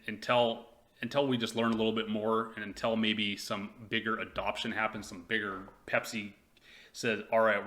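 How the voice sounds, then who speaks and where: A man's voice: on the low side, bright, forceful tone. A man hosting a casual stock commentary video, chatty and rambling with lots of fillers and restarts. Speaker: stock investing video host.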